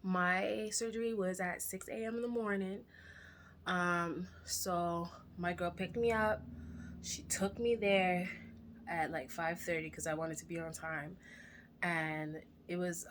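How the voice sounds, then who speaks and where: A young woman telling a candid personal story to camera in a chatty, animated way, sometimes dropping to a whisper for asides. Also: lowish voice, unhurried, a little hiss or hum. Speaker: vlogger.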